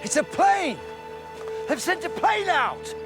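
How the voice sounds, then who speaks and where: An actor playing an earnest, anxious middle-aged team captain in a stage play. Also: male voice, extremely high pitch, very animated, slow pace, vocal fry, music in the background, exaggerated voice. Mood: eager. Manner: earnest, eager, placating.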